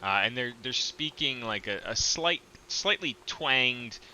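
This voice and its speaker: A man narrating a tabletop game as game master, relaxed and full of ums and uhs. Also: mid-range voice, measured pace, slight background noise, rough recording.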